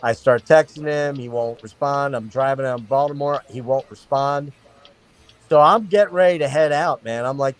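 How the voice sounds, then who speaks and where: A middle-aged man hosting a stream, telling a wild story in a casual, animated and profane way. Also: medium pitch, moderate pace, low-quality recording. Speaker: stream host.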